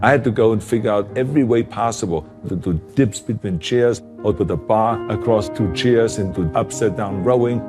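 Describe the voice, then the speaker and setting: An older man with a German accent delivers motivational lines with heavy emphasis, often repeating a phrase to drive it home. His voice sits on the lower side, and faint music plays underneath. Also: normal speed. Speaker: public speaker. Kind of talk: motivational speech clips.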